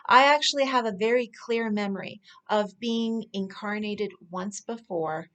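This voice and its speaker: A woman speaking as a spiritual speaker, telling personal stories in an earnest, unhurried way with soft laughs. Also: medium pitch. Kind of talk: personal storytelling monologue.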